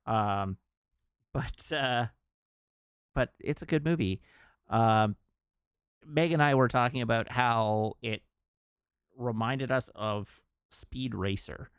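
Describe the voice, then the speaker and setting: A man's voice: mid-range voice, takes it slowly, pauses often, smooth, no echo, studio quality. A man chatting casually on his livestream, laughing and reading out chat messages.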